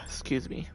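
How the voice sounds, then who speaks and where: This gaming streamer has a high, slightly rough voice. While live-streaming a video game, he talks to himself and swears in frustration, keeping the commentary casual.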